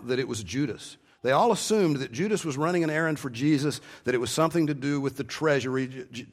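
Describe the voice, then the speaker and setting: Male preacher, middle voice, earnest expository sermon style, emphatic stresses, repeats himself. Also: mid-range voice. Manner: earnest, stresses key words slowly, frequent word repeats.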